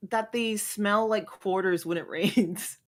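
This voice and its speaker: Female panelist, mid pitch, giggly, lots of "like". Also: slow pace. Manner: giggly, filler-heavy. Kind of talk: casual panel chat.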